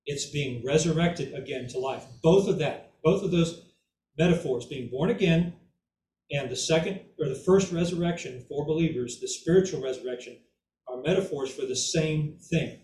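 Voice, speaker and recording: A man's voice: a little high, normal speed, darkish tone, slight background noise. Man teaching the Bible in an echoey room. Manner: checks in often with "okay?" and "right?"; repeats words for emphasis. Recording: echoey room, mic far off, faint ambience.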